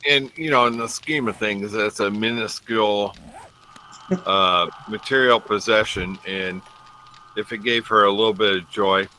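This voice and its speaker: Low, bright-toned man, blunt and wry. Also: a little slow, a little hiss or hum, rough recording. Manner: blunt, swears freely, wry about himself. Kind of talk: casual chat.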